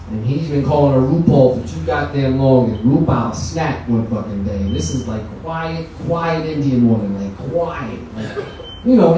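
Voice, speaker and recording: A man's voice: on the high side, warm tone, a little hiss or hum. A man doing a stand-up comedy set, telling loose, profane stories in a conversational way. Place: comedy venue lounge, indoors. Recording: echoey room from far off.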